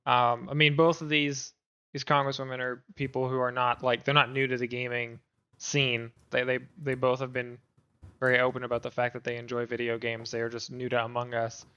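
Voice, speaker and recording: A man's voice: medium pitch, flat delivery, fairly quick, sharp tone, smooth, highs cut off. A man co-hosting a gaming podcast, chatting casually with lots of fillers and restarts. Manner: rambling, many fillers and restarts. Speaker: podcast co-host. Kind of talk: casual chat.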